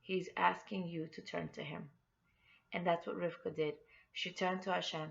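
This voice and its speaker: An earnest woman tells a story of faith and encouragement in a somewhat low voice with a gravelly edge. She speaks in a heartfelt way, as an inspirational host. The recording sounds dull and lo-fi. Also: flat delivery, normal speed.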